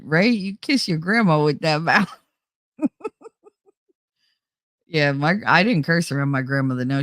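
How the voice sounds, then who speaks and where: A middle-aged woman hosting a livestream, telling family stories in a casual, animated way and acting out her relatives' voices with frequent laughter. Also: lowish voice, no room sound. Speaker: livestream host. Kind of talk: casual storytelling chat.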